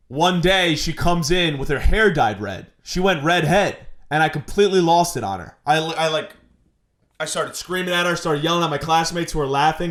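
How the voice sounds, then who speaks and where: Mock-outraged young man ranting. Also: on the high side. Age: 20s. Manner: mock-indignant, exaggerated complaining. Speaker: comedy podcast host. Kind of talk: comedic rant monologue.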